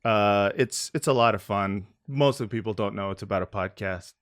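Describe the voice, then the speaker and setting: A man's voice: lowish voice, normal speed, fairly bright tone. A man hosting a podcast in casual chat, joking and rambling with his co-hosts. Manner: joking, rambling, drops into a mock New York voice. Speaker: podcast host.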